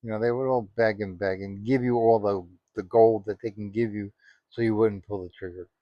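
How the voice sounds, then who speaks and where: A man's voice: fairly low pitch, fairly even intonation, brisk, no room sound. Indignant rambling man, dull dry audio. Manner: rambling, indignant, peppered with "you know". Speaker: commentator. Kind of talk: casual spoken commentary.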